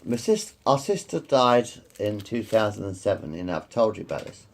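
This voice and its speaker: Gravelly man in his fifties, rambling. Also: fairly low pitch, very animated, normal speed. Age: 50s. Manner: repetitive, circles back and swears freely. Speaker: vlogger. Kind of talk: rambling personal storytelling.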